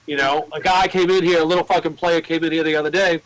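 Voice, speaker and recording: A man chatting in a record store, his speech loose and profane. His voice sits a bit high, and he tells stories about customers with lots of animation. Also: flat delivery, quick pace, poor audio. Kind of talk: casual chat, telling store anecdotes.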